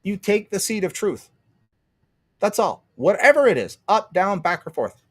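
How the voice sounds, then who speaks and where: A man's voice: high-pitched, big pitch swings, normal speed, a bit bright, breathy edge. A man ranting on a livestream, profane and sarcastic, laughing often and answering his chat. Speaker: streamer.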